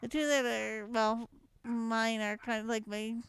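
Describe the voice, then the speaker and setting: A woman's voice: on the high side, steady tone, measured pace, clear, resonant tone, rough recording. A young woman from Louisiana with a mild Southwest Louisiana accent, chatting and rambling casually as she reads a word list. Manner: chatty, rambling, laughs between words. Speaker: vlogger.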